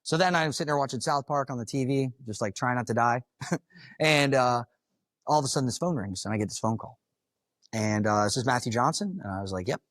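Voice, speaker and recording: A man's voice: mid-range voice, brisk, fairly bright tone, no echo. A man from Florida, a firefighter, telling his own story to a live audience in a blunt, casual, profane way. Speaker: firefighter giving a talk. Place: conference room.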